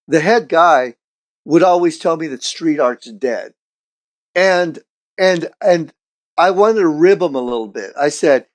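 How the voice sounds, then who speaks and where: A middle-aged street artist, appearing as a podcast guest, tells stories in a casual, profane, animated way, acting out what people said. His voice is a little high, and the talk is a relaxed storytelling chat.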